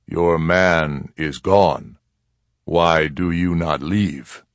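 A man voicing a stern, measured Apache chief in a read-aloud story, speaking slowly and gravely. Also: sits low, steady tone, dry recording, exaggerated voice. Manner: slow, grave, deliberate.

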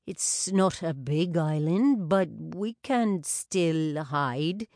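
A man's voice: fairly high pitch, animated, extremely slow, darkish tone, no echo, heavily acted. A woman voicing a playful young Irish man about to marry, teasing in an Irish accent. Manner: teasing, dry.

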